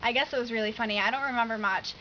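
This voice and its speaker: A woman's voice: on the high side, rapid-fire, dull audio, slight background noise. Chatty teenage girl vlogging. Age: teens. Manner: chatty, animated, lots of "like". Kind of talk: casual storytelling vlog.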